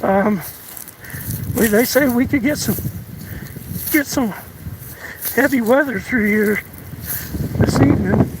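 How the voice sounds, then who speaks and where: A breathless man talks slowly in a fairly high voice, drawling and stopping to catch his air between halting phrases. He is outdoors on open land, and loud wind roars over his phone mic. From United States. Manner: halting, drawling, many restarts and fillers. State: out of breath, winded. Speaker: live streamer. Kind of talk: casual live-stream chat while walking.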